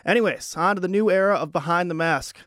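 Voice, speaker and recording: A young man hosts a sports podcast in a smooth, clear voice, pitched slightly high for a man. The sound is dry and close, with no room around it. He talks conversationally, often circling back with fillers and restarts. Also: fast talker, fairly bright tone, no room sound. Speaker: podcast host. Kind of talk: casual sports podcast chat.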